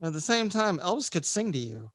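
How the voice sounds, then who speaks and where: A man co-hosts a relaxed podcast, breaking in with crude jokes and sarcastic asides. His voice sits a little above the usual male pitch. It is recorded close and dry, with no room sound. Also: fairly quick, dry recording. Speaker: podcast co-host. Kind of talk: casual podcast banter.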